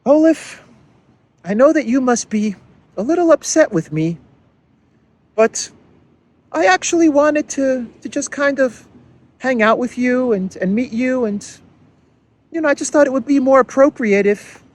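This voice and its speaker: A man doing a mocking impression of a sheepish, apologetic middle-aged male head of government who pleads softly. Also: very high-pitched, expressive, measured pace, pauses often, pitched above the performer's own voice, exaggerated voice. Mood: pleading.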